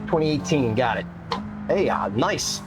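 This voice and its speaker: A man's voice: mid-range voice, lively intonation, a little slow, over loud music. A man streaming a racing game live, chatting playfully with his viewers and his cats. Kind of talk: casual live-stream chat while gaming.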